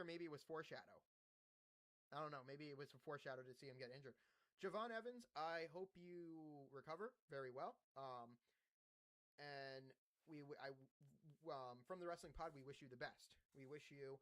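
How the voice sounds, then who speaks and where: A man's voice: a little high, a bit bright. A young man hosting a wrestling podcast, recapping the show casually, swearing and joking at himself. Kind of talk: casual wrestling recap, reading notes aloud.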